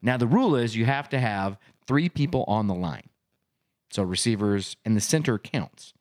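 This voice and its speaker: Lively storytelling podcast man. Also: mid-range voice, normal speed. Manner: acts out his own yelling in loud quoted bursts. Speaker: podcast co-host and youth football coach. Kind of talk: casual chat, animated storytelling.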